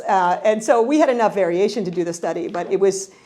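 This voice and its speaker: A middle-aged woman from New York, a researcher who answers questions with animated stories and frequent restarts. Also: mid-range voice, fast. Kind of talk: conversational interview answer.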